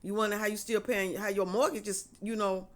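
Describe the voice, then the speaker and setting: A woman's voice: mid-range voice, level tone, brisk. Woman giving repetitive faith encouragement. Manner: repetitive, preachy, conversational. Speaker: faith vlogger. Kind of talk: casual spoken encouragement.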